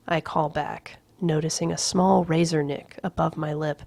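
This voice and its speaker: A woman reads a novel aloud in a slow, hushed manner, slipping into whispers now and then. Her voice is low and gravelly. The sound is dry and close, with no room echo. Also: fairly even intonation. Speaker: reader. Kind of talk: audiobook-style novel reading.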